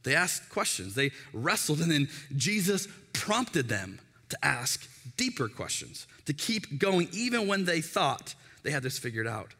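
Unhurried yet hardly pausing, a pastor in his thirties preaches in a fairly high voice, telling animated stories and performing their characters' voices. The recording has a long hall reverb.

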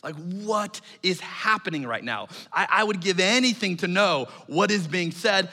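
High bright-voiced preacher in a reverberant hall. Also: male voice, a little slow. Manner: storytelling, animated, stammering restarts. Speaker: pastor. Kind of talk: sermon with personal story.

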